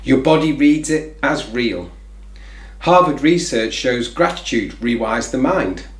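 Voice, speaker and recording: A man's voice: mid-range voice, lively intonation, measured pace, reverberant. A man hosting a reflective faith talk, speaking conversationally with lots of "you know" fillers. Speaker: faith video host.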